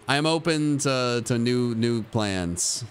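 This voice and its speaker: A man streaming a video game live, muttering to himself and joking with chat, sometimes breaking into high-pitched yelling. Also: animated, takes it slowly, a little hiss or hum. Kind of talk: live gameplay commentary.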